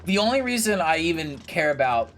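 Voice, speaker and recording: A man's voice: a little high, sing-song, a little fast, a bit bright, a little hiss or hum. A young man casually commentating his gameplay, chatty and jokey, swearing freely and talking to himself and the game characters. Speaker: gaming video creator.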